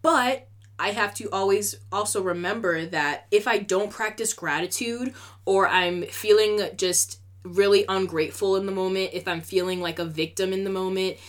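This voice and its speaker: A young woman talks straight to her podcast listeners in a loose, candid rant, her voice sitting a little on the low side. She is openly emotional, scatters "like" through every sentence and swears without a second thought. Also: fairly bright tone. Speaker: podcast host. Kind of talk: casual solo podcast rant.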